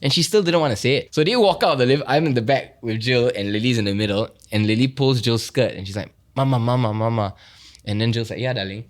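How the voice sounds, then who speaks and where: A man, chatting as a guest on a podcast and telling anecdotes with lively acted-out quotes. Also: medium pitch, quick pace, few pauses. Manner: animated storyteller, acts out quotes. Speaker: guest, father. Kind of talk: casual podcast chat.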